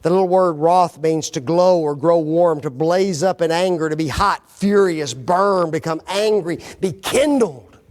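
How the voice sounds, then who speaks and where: A man's voice: fairly high pitch, unhurried, a little mellow. A man teaching a Bible class lesson, quizzing his audience with fill-in-the-blank questions and folksy, joking asides.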